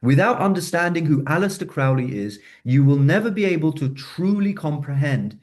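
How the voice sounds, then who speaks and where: A man's voice: fairly high pitch, lively intonation. Earnest man giving a lecture. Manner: earnest, emphatic, slows on key words. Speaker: religious speaker.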